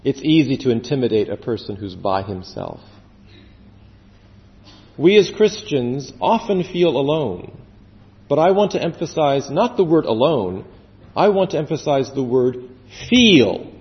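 A man's voice: very animated, measured pace. Dramatic male preacher in a reverberant hall. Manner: dramatic, drops to a hushed low voice on key phrases; acts out quoted voices with rising pitch. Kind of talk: sermon. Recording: dull sound with long hall reverb.

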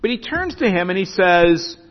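A man's voice: sits high, very animated, normal speed. A male preacher reading and explaining scripture emphatically, often restarting his phrases. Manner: emphatic, with frequent restarts and stumbles. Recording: reverberant hall, dull lo-fi sound.

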